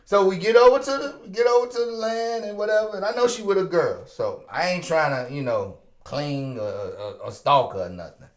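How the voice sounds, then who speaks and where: A man hosting a podcast, telling a story with lively energy, acting out the dialogue and laughing often. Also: on the high side, a little fast, few pauses. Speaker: podcast host. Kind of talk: animated storytelling chat. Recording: roomy echoey room.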